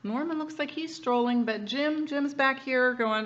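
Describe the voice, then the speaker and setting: A woman's voice: high-pitched, unhurried, dull audio. A woman reading a picture book aloud to a child, pointing out what is in the pictures as she goes. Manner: lively, explains the pictures as she reads.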